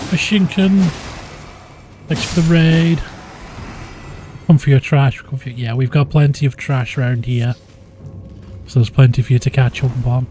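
A man streaming a game live, chatting casually with viewers in a low-key, easygoing way. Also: moderate pace, long pauses, mellow. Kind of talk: casual live-stream chat while gaming. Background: game music.

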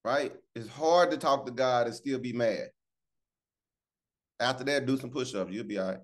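A man hosting a casual morning devotional on a video call, lively and preachy, calling out to listeners by name. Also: medium pitch, normal speed. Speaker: morning show host.

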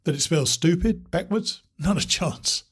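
A wry old hand of the trail , read aloud by a man, trading dry jokes over coffee. His voice is husky and rough-edged, his humor teasing and easy. It sounds like a storybook read aloud. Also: high voice, a little slow, pitched above the performer's own voice. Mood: wry, joking. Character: wry, easygoing male trail veteran joking over coffee.

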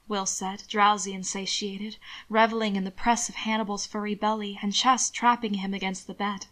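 Woman reading a story aloud softly. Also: mid-range voice, little pitch movement, moderate pace. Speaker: narrator. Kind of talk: reading fan fiction aloud.

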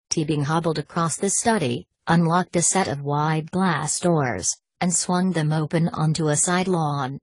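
Low-voiced woman reading a novel aloud, kinda husky, dry close sound. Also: measured pace, hardly any pauses, dry recording. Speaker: audiobook narrator. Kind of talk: audiobook reading.

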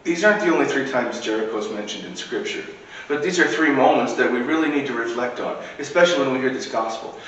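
A man's voice: medium pitch, quick pace, a bit bright, lo-fi sound, slight background noise. Man preaching in an echoey church. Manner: conversational preaching with asides. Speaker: priest. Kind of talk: sermon. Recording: echoey church recording from far off.

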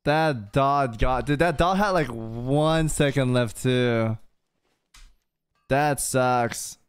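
A man's voice: mid-range voice, extremely slow, clear, resonant tone, dry recording. A young man streaming casually, reacting to a clip in a laid-back, teasing way. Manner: laid-back, says "dude" a lot, teasing.

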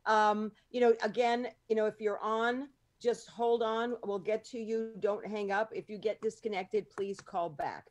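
A woman's voice: medium pitch, fairly even intonation, unhurried, hardly any pauses. A woman hosting a call-in podcast, bubbly, repeating the phone number and taking callers. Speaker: podcast host. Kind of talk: casual call-in show hosting.

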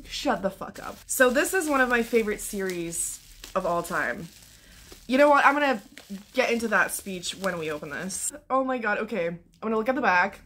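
Bright, gushing young woman vlogger. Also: mid-range voice, brisk, a little hiss or hum. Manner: excitable, gushing, swears a lot. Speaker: book vlogger. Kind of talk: casual vlog chat.

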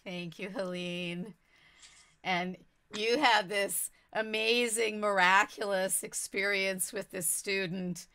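A woman host making slow, unhurried remarks after a performance. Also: mid-range voice, steady tone, bright, forceful tone. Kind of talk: casual remarks between performances.

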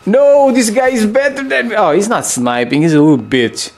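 A young man giving loose, excitable gameplay commentary, swearing freely and jumping into high yelps. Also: normal speed.

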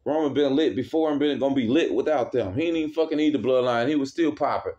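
A man's voice: mid-range voice, fast talker, mellow. A man angrily ranting as a wrestling fan, heavy with profanity and worked up. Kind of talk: casual rant. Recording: dull lo-fi recording.

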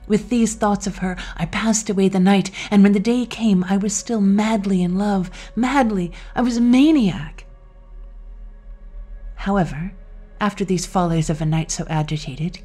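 A woman narrating a classic story calmly and expressively, as a scripted audiobook reading. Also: on the low side.

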